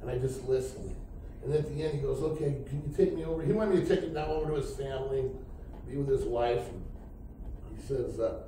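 Speaking briskly in a mellow voice on the high side, a middle-aged man shares a loosely told testimony at an evening church service, playing out other people's words as he goes. It's captured from a distance in an echoey church hall, with faint hiss.

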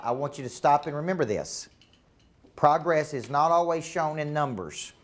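A man's voice: a little high, expressive, moderate pace, a faint crowd. A middle-aged man gives a live motivational talk to a business team, often asking the room questions and repeating points for emphasis. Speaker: business coach. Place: meeting room with a live audience.

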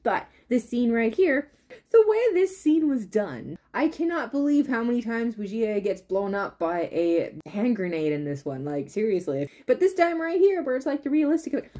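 A woman's voice: a little high, dark tone. A woman reviewing a drama in casual video commentary, rambling and laughing often and losing her train of thought. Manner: laughs often while talking.

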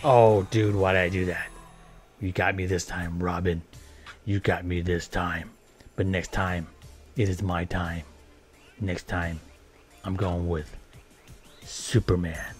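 A man's voice: low-pitched, little pitch movement, slow pace, long pauses, soft background music. A man casually commentating a video game, joking and talking playfully to the characters. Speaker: gameplay commentator.

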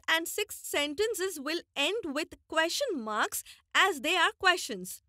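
A woman from India speaking, teaching a scripted classroom lesson with clear, deliberate explanations to children. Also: extremely high pitch, lively intonation, bright, forceful tone, dry recording, clean studio sound.

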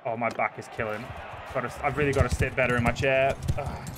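A man streaming a game, chatting casually and swearing often, with sudden loud outbursts. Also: medium pitch, fairly even intonation, fast, noisy background. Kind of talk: casual gameplay commentary. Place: home, seated at a desk.

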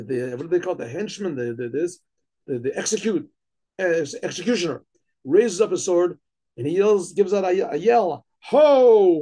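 A man, a rabbi, telling a story dramatically, with frequent restarts and throat-clearing. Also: a little high, mellow, a little hiss or hum.

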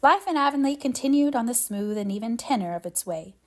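A woman reading a classic novel aloud in an even, measured storytelling voice. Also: a little high. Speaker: audiobook reader.

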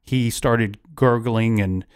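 A man's voice: mid-range voice, slow pace. A man hosting a casual true-crime podcast, retelling events at length with frequent restarts. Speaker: podcast host.

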